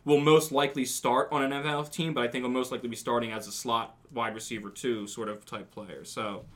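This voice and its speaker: A man's voice: medium pitch, fairly bright tone. A man hosting a casual sports podcast, talking things through in long, rambling runs with restarts. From not from the South. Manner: rambling, thinks aloud with restarts. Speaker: podcast host.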